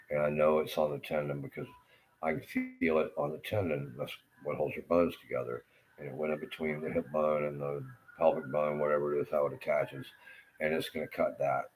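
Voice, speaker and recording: An extremely low, deep-voiced middle-aged man in pain launches into a rambling, profane, agitated rant. His angry monologue lurches between bitter muttering and shouted curses.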